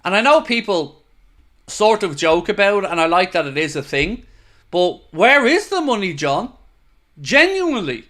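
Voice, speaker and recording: Bloke ranting on a live fan stream, higher voice, bright and punchy, fed up and swearing. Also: male voice, big pitch swings, normal speed. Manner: frustrated, emphatic, swears. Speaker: fan channel host. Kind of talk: live stream reading super chats.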